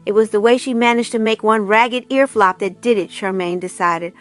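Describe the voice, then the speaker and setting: A woman narrating a storybook in a calm, even way, with her voice at a middle pitch. Faint music runs quietly under the reading. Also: moderate pace. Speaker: reader. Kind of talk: audiobook narration.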